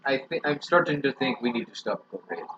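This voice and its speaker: A man's voice: mid-range voice, very animated, fairly quick, a bit bright, slight background noise. A man commentating a game as a joke, giggly and dropping in a mock accent now and then. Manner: giggly, dropping in a mock accent and calling his partner comrade. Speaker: let's play co-host. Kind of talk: joking gameplay commentary. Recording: roomy, dull lo-fi recording.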